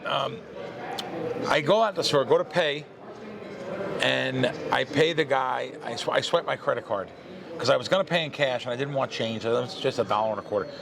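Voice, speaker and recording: A man's voice: medium pitch, moderate pace, vocal fry, a crowd in the background. A man telling a long story in casual chat on a podcast, acting out the voices of the people in it. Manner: animated storyteller, acts out quoted voices. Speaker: podcast host, pro sports bettor.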